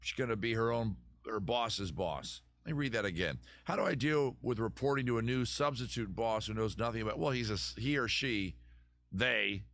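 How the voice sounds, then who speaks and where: A man's voice: mid-range voice, normal speed, fairly bright tone, no echo. A man hosting a live advice stream, rambling through chat questions with jokey, digressive mock advice. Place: home room with a fire.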